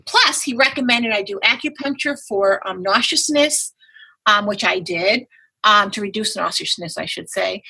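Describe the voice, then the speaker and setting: Bright, husky woman telling a lively story. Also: normal speed, poor audio. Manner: animated, acts out quoted dialogue with big pitch jumps. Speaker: guest, patient advocate. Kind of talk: casual interview storytelling.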